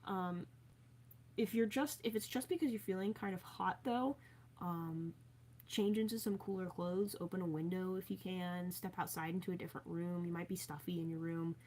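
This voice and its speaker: A woman's voice: lowish voice, fairly even intonation, normal speed, darkish tone, slight background noise. A young woman chatting casually on a livestream from her bedroom, reading out viewer comments and rambling with frequent filler words.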